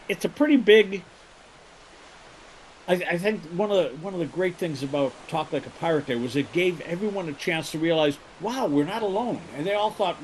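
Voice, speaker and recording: A man talking as a guest in a casual radio interview, chatty and enthusiastic, speeding up in quick bursts. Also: a little high, slight background noise, poor audio. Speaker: guest, pirate day co-founder.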